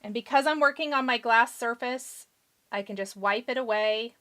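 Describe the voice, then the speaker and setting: During a live card-making stream, a hiccupping woman works on her cards while chatting and responding to viewer questions. She talks at normal speed in a fairly high, slightly bright voice.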